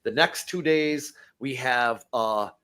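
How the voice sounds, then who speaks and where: A man co-hosting a casual sports talk podcast, excitable and repeating words when he gets worked up. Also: medium pitch, slow pace, clean tone.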